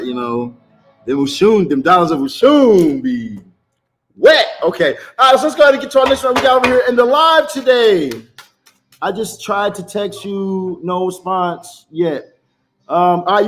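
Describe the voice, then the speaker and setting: A man chatting casually on a live stream as a tarot reader, pitching spells in a loose, salesy way full of fillers. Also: low-quality recording.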